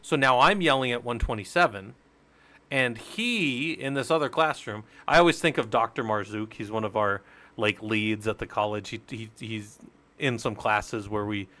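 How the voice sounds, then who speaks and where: Fairly low-pitched and sharp in tone, this man speaks at a moderate pace as a Linux instructor on a casual live stream. He explains networking one step at a time, chatting and joking with his viewers.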